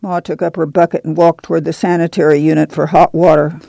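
A woman narrating a novel in a calm audiobook reading. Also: low-pitched, fast, creaky, no echo.

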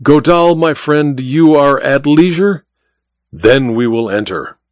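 A man's voice: medium pitch, expressive, slow, dry recording. A man voicing a showy, grandiose blind stage magician who speaks with theatrical flourishes.

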